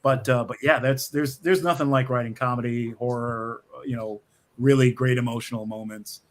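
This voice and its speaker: A man's voice: medium pitch, moderate pace. A middle-aged man, a screenwriter, telling stories in an interview over a video call from his office, restarting sentences and laughing often. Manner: animated storyteller, frequent restarts, laughs often. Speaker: screenwriter, guest. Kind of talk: conversational interview.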